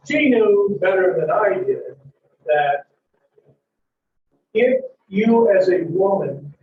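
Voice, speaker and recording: A man lecturing a psychology class, loud and emphatic, swinging his voice for emphasis and acting out little scenes. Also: high voice, slight background noise. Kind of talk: classroom lecture with acted scenarios. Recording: echoey lecture hall, dull mic from far off.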